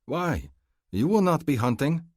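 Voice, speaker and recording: A man's voice: on the high side, very animated, unhurried, dry recording, clean studio sound, voice pushed up. A man voicing a hot-headed, stubborn male alien hunter in an audiobook, indignant and protective. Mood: heated.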